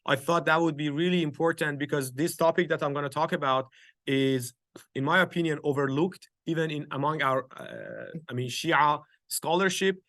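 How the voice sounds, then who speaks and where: A man with a fairly high, bright voice teaches an informal study group, working through his points with frequent restarts and a habit of asking "right?". He sounds close and dry, with no room echo. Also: lively intonation, normal speed. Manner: explains step by step with many fillers and restarts, checks in with listeners. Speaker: teacher leading a study circle. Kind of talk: informal religious lesson. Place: home office.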